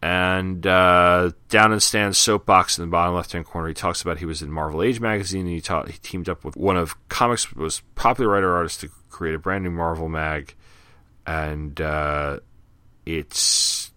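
A man's voice: deep voice, fairly even intonation, normal speed, sharp tone, smooth, no echo. A man hosting a podcast, talking casually and rambling with frequent fillers as he flips through old pages. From Long Island, New York. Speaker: podcast host. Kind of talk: casual solo podcast commentary.

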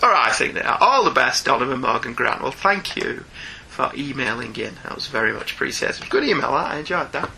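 A man's voice: mid-range voice, expressive, a little fast, creaky, pushed and bright, a little hiss or hum, rough recording. A man from Ireland with a sore throat, co-hosting a podcast and reading listener emails aloud in casual chat, laughing often as he goes.

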